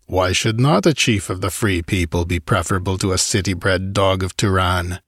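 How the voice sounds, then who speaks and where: A man's voice: sits low, moderate pace, fairly bright tone, husky, no room sound, studio quality. A man reading a story voices a cheerful, boastful barbarian warrior chief with a hearty delivery.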